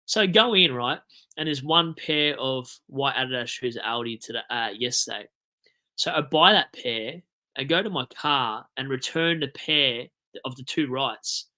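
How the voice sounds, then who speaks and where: A young Australian man with a blocked nose, chatting casually and rambling on a livestream, swearing and breaking into animated outbursts. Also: medium pitch, normal speed. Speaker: livestream host.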